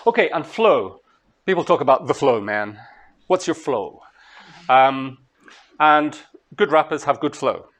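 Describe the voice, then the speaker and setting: Scottish man giving a relaxed lecture. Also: medium pitch. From Scotland. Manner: relaxed, thinking aloud with fillers and small laughs. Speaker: translator giving a master class.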